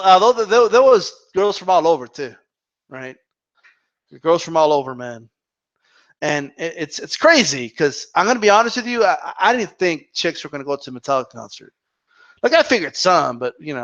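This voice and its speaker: A man with a high voice hosts a casual live Q&A stream. He rambles loosely and swears freely, and the sound is dull and lo-fi. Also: a bit bright. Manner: rambling and profane.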